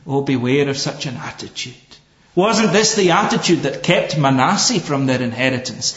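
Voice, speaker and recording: Earnest male preacher, slightly high voice, dull echoey church recording. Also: big pitch swings, moderate pace, fairly bright tone. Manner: earnest, emphatic, with rhetorical questions. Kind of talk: sermon.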